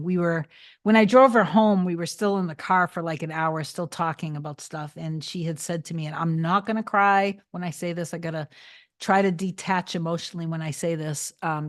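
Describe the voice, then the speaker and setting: A woman on a casual livestream, reading and answering chat. She talks in a rambling, chatty way, restarts a lot and turns soft and reassuring when she gives advice. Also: lowish voice, fairly even intonation, moderate pace. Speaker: manifestation coach answering live chat.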